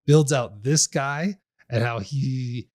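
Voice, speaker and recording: A man co-hosting a games podcast, retelling what he played in a rambling, animated way with frequent laughs. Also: mid-range voice, slow. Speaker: podcast co-host. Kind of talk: casual game review chat.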